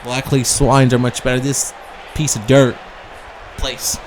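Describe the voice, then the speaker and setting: A man's voice: mid-range voice, level tone, moderate pace, slight background noise, natural voice. A man voicing a haughty, entitled woman wrestler who sneers at the crowd and whines about a rematch. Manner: sneering, whiny, insulting the crowd.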